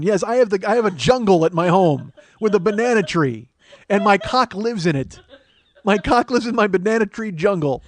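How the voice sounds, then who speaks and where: A man hosting a solo comedy podcast, rambling and self-mocking, swinging between loud outbursts and mumbled asides. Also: high voice, lively intonation, a little fast. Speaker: podcast host.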